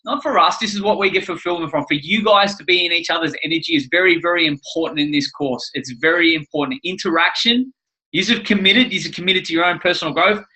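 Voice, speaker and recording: Upbeat man, bright voice. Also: sits high, fast, low-quality recording. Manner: upbeat, rambling, jokey. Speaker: life coach co-hosting a course livestream. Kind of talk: casual livestream chat.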